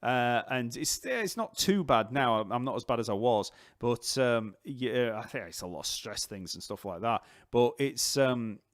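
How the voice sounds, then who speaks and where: Bass teacher guy rambling on a live stream, voice going croaky, dry close sound. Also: lively intonation, moderate pace, hardly any pauses, dry recording. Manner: rambling, many fillers and restarts.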